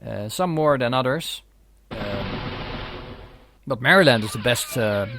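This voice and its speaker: A man's voice: mid-range voice, noisy background. A man giving casual, wry commentary while playing a strategy game, swearing now and then. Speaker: let's play host. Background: keyboard and mouse clicks.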